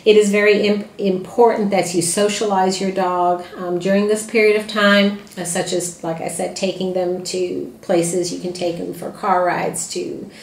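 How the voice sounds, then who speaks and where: A woman's voice: on the low side, flat delivery, normal speed, hardly any pauses, echoey room. A woman who trains dogs, giving plainspoken advice to puppy owners with frequent "uh" fillers and restarts. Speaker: dog trainer and breeder. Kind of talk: informal talk to puppy owners.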